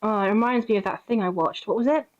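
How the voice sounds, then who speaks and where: A woman's voice: mid-range voice, fast talker, a little mellow. A woman chatting casually while playing a game, giggling often and swearing freely. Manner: giggly, sweary, breaks into singing and silly voices. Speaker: gaming streamer. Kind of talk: casual gameplay chat. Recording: dull lo-fi sound.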